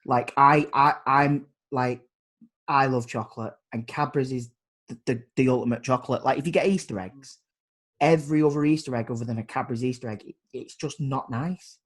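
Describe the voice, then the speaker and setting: A man's voice: mid-range voice, fairly quick. A man chatting casually and enthusiastically, with lots of fillers. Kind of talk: casual chat.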